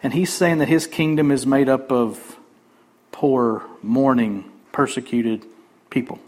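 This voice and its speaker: A man's voice: mid-range voice, steady tone, a little slow, darkish tone. A man preaching a sermon as pastor, conversational and joking with the congregation.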